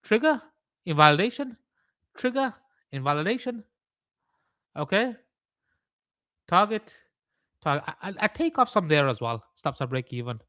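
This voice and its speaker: A man's voice: high voice, sing-song, normal speed, pauses often, pushed and bright, no room sound. A young man hosting a live trading stream, mixing chart analysis with rambling, mock-serious joking rants.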